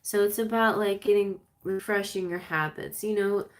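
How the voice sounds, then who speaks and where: A woman's voice: medium pitch, steady tone, moderate pace. A woman giving a chatty live-stream tarot reading, reading guidebook passages aloud between her own comments. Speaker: tarot reader.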